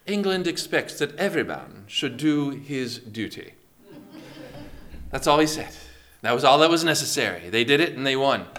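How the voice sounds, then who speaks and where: Brief: male pastor, sermon, slightly high voice with a bright, forceful edge, questions the congregation. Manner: asks the congregation questions, calls on members by name.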